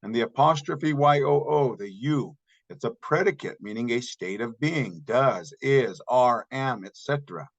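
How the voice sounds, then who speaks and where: A man teaching a recorded language lesson, slowly repeating example words and explaining the grammar step by step. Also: medium pitch, expressive, lo-fi sound. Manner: patient, slow repetition of example words.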